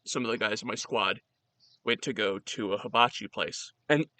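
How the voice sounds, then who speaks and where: A man co-hosting a casual chat, telling a story in an animated way with stammering restarts. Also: on the low side, moderate pace, dry recording.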